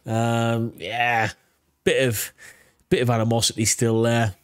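A man's voice: medium pitch, flat delivery, unhurried, clean tone, dry recording, clean studio sound. A British man casually reacting to a video, talking in a rambling way with lots of restarts and fillers. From United Kingdom.

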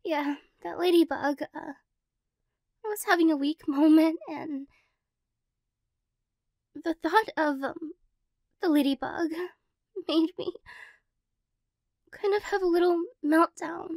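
A woman in a whispered role-play as a tearful ex-girlfriend, talking softly and rambling, flustered and emotional. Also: extremely high pitch, slow, long pauses, no echo, studio quality. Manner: soft, rambling, self-conscious and emotional. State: teary after crying. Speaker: ASMR role-play performer.

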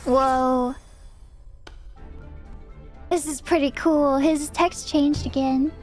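Slow-talking, very high woman gamer, giggly let's-play commentary with faint music. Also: steady tone. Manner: giggly, reads game text aloud. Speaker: gaming YouTuber.

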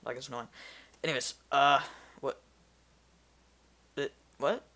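A man's voice: mid-range voice, steady tone, a little slow, sharp tone. A man giving casual gameplay commentary, rambling and easily distracted, talking to himself as he plays. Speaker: gamer.

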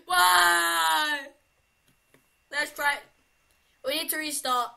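A woman's voice: high voice, moderate pace, pushed and bright. A young woman giving casual, panicky commentary while playing a horror game, frantically repeating herself. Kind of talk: casual let's-play commentary.

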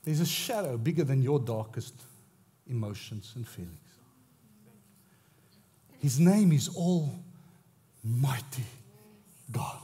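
A male pastor with an Australian accent preaching a sermon, swinging between loud exclamations and hushed, intense moments. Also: medium pitch, expressive, slow pace, pauses often.

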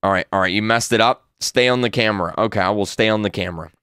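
A man's voice: fairly low pitch, quick pace, bright, forceful tone, clear, resonant tone, no room sound, studio quality. A man playing a horror game and commenting, muttering nervously and repeating himself. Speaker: gaming YouTuber. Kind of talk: let's play commentary.

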